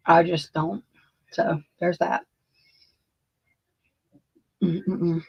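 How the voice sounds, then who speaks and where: A woman's voice: lowish voice, level tone, drawn-out words, gravelly, slightly rough, dry recording, highs cut off. A woman giving unscripted true crime commentary, heated and emphatic, swearing freely and repeating herself. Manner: heated, profane, emphatic and repetitive.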